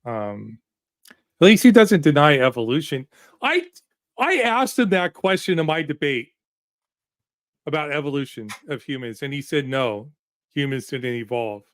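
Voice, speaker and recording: Smooth-voiced man hosting a stream. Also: a little high, moderate pace, pauses often, no room sound. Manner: relaxed, reads donations aloud. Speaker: stream host. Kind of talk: casual livestream chat.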